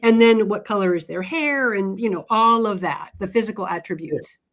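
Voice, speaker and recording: A woman's voice: medium pitch, moderate pace, a bit bright. Woman author guest on talk radio, chatty, lots of restarts and ums. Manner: chatty, frequent restarts and fillers. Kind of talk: casual interview talk.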